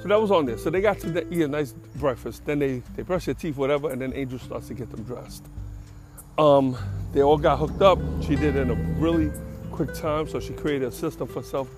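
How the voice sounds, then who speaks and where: A man's voice: a little high, brisk, over music. Blunt older New man. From the Bronx, New York. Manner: blunt, streetwise and profane, with chuckles. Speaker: podcast host. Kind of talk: casual storytelling monologue.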